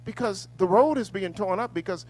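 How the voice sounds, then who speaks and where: A man hosting a live-stream talk show, swinging between a hushed, mock-calm delivery and loud, preaching rants. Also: sits high, normal speed, poor audio. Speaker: host. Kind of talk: live-stream commentary segment.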